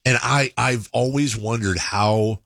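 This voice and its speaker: A man's voice: mid-range voice, slow pace, gravelly, fairly bright tone, no echo. A man hosting a podcast, telling a story in a rambling, casual way, often stopping to correct himself. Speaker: podcast host.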